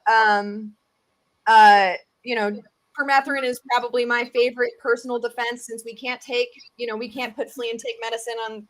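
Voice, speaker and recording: A woman with a Southern US accent, a tick researcher chatting as a guest in a casual video podcast, animated and full of quick asides. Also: a little high.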